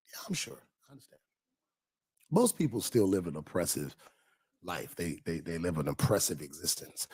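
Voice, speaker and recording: Gravelly, husky-voiced pastor chatting. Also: male voice, low voice, moderate pace, pauses often. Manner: reads viewer comments aloud and answers them; animated, dropping to near whispers. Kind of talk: casual livestream chat.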